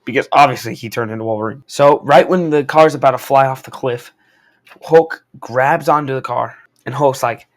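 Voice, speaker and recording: A young man in a casual comic book review, talking in an excitable, slangy way and tossing in "bro" and "like" all the time. His voice sits at an ordinary middle pitch, and he wears a clip-on mic while he walks around. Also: moderate pace. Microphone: wearing a corded mic while walking around.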